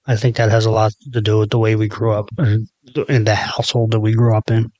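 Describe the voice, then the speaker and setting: A man's voice: on the low side, monotone, fast, a little mellow, dry recording, muffled recording. A man from the Philadelphia area hosting a podcast, asking casual questions and giving short agreeing replies. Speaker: podcast host.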